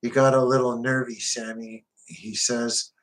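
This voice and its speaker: A man tells a crime memoir in the first person, speaking slowly and deliberately. His delivery is blunt and profane, with a tough-guy edge, at a middle pitch. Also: level tone, low-quality recording. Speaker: narrator.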